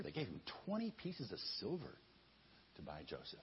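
A man's voice: mid-range voice, huge pitch swings, fast, slight background noise. A man casually retelling a Bible story in a folksy way, stumbling over his words and adding joking asides. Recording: muffled lo-fi recording.

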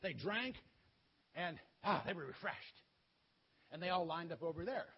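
Animated husky pastor telling a story. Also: male voice, a little high, normal speed. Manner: animated storytelling, asks children to repeat. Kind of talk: children's story sermon. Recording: dull lo-fi sound.

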